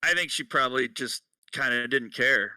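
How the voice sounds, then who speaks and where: A man's voice: medium pitch, normal speed, recorded from a distance, crowd noise, poor audio. A man co-hosting a casual podcast, laughing often and swearing while he reads out notes. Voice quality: bright, laughing, profane. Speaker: podcast co-host. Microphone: headset.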